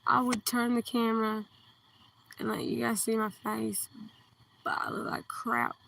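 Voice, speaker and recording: A woman with a southern Kentucky accent, chatting on a livestream outdoors at night, speaking slowly and carefully enunciating into a phone. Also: on the high side, steady tone, creaky. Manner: slow, deliberately enunciated, soft-spoken. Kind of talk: casual livestream chat. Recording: distant phone mic, faint outdoor hiss.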